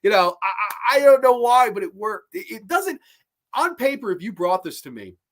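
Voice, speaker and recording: This is a man hosting a casual live stream about horror and cartoons. His voice sits somewhat high and leaps around with big, lively pitch swings. He rambles freely and drops plenty of curses along the way. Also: moderate pace. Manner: animated, rambling, swears a lot.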